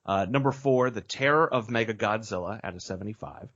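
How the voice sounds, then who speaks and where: A man's voice: on the low side, brisk, fairly bright tone, lo-fi sound. A man co-hosting a film podcast in a casual, blunt and opinionated way, with frequent sighs. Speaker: podcast co-host.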